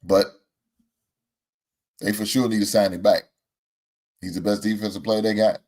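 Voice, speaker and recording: A man hosting a casual sports talk show, using Southern American slang and talking in an animated, exclamatory way with frequent laughs. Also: fairly low pitch, moderate pace. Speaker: host.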